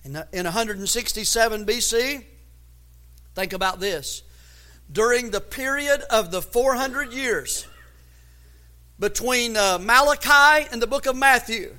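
A man preaching a sermon as pastor, building to loud emphatic runs and often repeating words as he searches for the next phrase. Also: very high voice.

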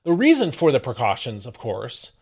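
A man hosting a daily devotional, reading a Bible passage aloud and then explaining it, with expressive emphasis on the quoted lines. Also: mid-range voice, moderate pace, husky. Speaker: devotional host. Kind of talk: scripture reading and devotional commentary.

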